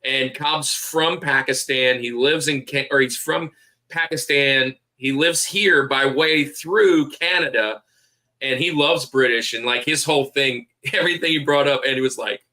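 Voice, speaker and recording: A man's voice: mid-range voice, unhurried, bright, forceful tone. A man hosting a podcast in casual chat, rambling and repeating himself as he plugs friends. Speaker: podcast host.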